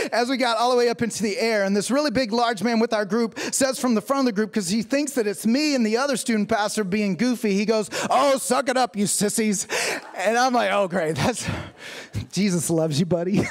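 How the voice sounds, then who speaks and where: A man preaching a sermon as a pastor, telling stories with humor and acting out the people in them. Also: high voice. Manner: storytelling with humor and acted-out quotes.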